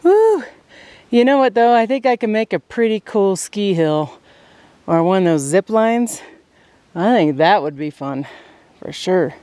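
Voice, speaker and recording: Here a vlogger shows their land while climbing a snowy hillside outdoors, chatting to the camera, winded and laughing a lot as they address viewers. Their voice is medium-pitched, animated, unhurried and a little mellow, captured clean and dry.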